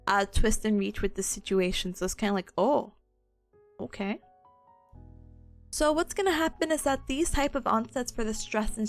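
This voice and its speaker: Giggly high-voiced young woman streamer. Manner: giggly, bubbly, laughs often between lines; chatty, greets viewers, acts out patients. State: sore voice, occasional coughing. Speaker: study streamer. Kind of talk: casual study stream chat and review.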